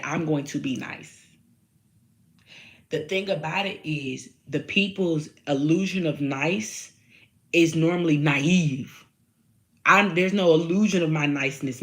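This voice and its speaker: A woman with a low, deep-set voice speaks straight to her viewers. She is blunt and profane, slips into slang and repeats her points again and again until they land. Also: fairly bright tone. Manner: addresses viewers directly, slangy. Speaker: vlogger. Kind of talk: candid monologue to camera.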